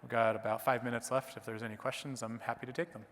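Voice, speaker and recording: A man's voice: medium pitch, level tone, fast talker, fairly bright tone, slight background noise. A man giving a conference talk and taking audience questions, in a conversational manner that often tags points with "right?". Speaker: conference presenter, clerkship educator. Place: lecture hall. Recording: long reverb of a lecture hall.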